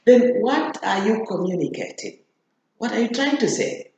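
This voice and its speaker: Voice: mid-range voice, animated, moderate pace, vocal fry, a little mellow. A teacher giving a grammar lesson, repeating key phrases for emphasis and checking in with the students. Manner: addresses students directly with checking questions. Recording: very echoey room, faint noise.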